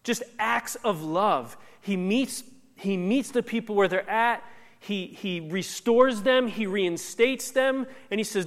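A man with a fairly high voice preaches a sermon, talking in a conversational, emphatic way and acting out the lines he quotes. A long hall reverb trails after his words. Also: a little slow. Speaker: pastor.

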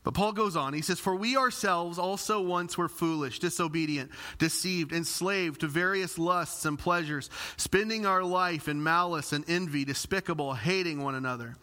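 A middle-aged male pastor preaching a sermon, telling a story with lively acted-out quotes and humor. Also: fairly high pitch, normal speed, hardly any pauses. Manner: animated storyteller, acts out quotes.

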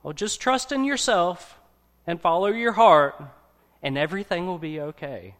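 Breezy, sing-song advice giver, raised airy pitch, put on by a man. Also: expressive, normal speed, fairly bright tone.

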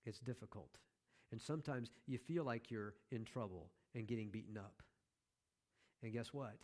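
A man's voice: medium pitch, moderate pace, darkish tone. Male pastor, sermon, chatty, wry asides to the church. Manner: conversational, joking asides to the congregation.

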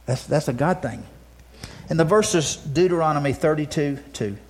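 Preaching a sermon, this male pastor alternates forceful, emphatic proclamations with quiet asides and frequently restarts phrases by repeating words. His slightly high voice has lively intonation at a normal speed, with a little hiss or hum in the background.

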